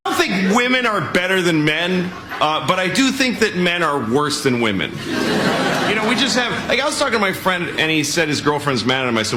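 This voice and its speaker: A man's voice: sits high, sing-song, a little fast, reverberant, background noise. Wry conversational male comic. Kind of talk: stand-up comedy routine.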